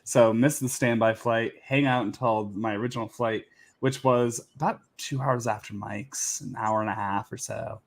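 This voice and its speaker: A man co-hosting a podcast who tells his story hesitantly, with many pauses and ums. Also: mid-range voice, fairly even intonation. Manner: hesitant, with frequent ums and restarts. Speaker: podcast co-host. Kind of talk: casual chat.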